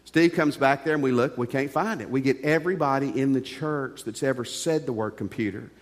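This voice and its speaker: A man's voice: mid-range voice, fairly quick, big-room sound. A middle-aged male pastor preaching a sermon in an earnest, conversational way, telling stories from his own life.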